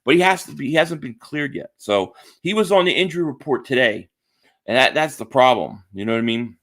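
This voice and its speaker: A man's mid-range voice is brisk and fairly bright, with lively intonation. Hosting a relaxed sports live stream, the Philadelphia-area man chats about football, acknowledges viewers in the chat, and tends to repeat himself.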